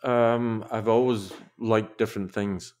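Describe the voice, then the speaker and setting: An older man, a podcast guest and researcher, chatting in an interview with a reflective, halting manner and frequent restarts. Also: fairly low pitch, steady tone, a little mellow, clear, resonant tone. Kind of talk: casual interview chat.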